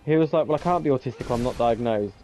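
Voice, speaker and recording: A man's voice: mid-range voice, fast, dark tone, soft background music. A young man, casually telling a long story full of swearing and acting out both sides of each conversation. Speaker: gamer streamer.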